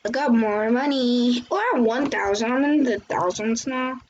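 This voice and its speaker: A woman's voice: fairly high pitch, moderate pace, a little mellow. A woman chatting casually and exclaiming as she hosts gameplay commentary for her channel. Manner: chatty, exclaiming and reacting to the game. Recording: muffled lo-fi recording with faint hiss.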